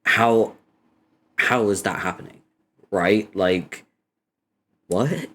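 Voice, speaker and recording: A young man chatting casually on his stream, swearing freely and breaking into frequent laughter while telling stories. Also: a little slow. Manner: animated storytelling, laughter rising high in pitch.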